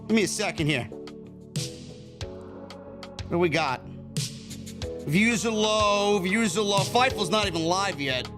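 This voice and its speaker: A man's voice: sits high, lively intonation, measured pace, pauses often, over music. A man from New York hosting a live post-show stream, griping and swearing his way through a casual rant. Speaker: livestream host.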